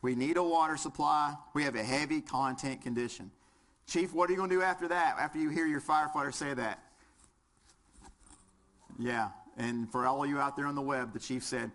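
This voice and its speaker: Speaking a little fast with a sharp tone and medium pitch, this Southern-accented man runs a fire service lecture. He keeps the audience involved by quizzing them and adds jokes as he goes.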